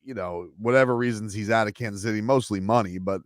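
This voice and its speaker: A man co-hosting sports talk radio, measured and wry, teasing his co-workers in casual talk. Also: lowish voice, no echo, clean studio sound.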